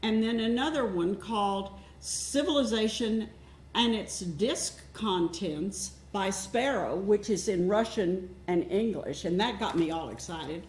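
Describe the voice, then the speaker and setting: An older woman hosting a cable talk show, asking curious, quick questions of her guest. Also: mid-range voice, a little mellow. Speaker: host. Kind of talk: interview chat. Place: community cable studio. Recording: roomy studio with faint hiss.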